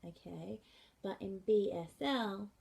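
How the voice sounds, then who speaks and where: A woman teaching a sign language class in a slow, patient way, often checking in with "okay". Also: medium pitch, vocal fry, a little mellow. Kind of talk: classroom lesson.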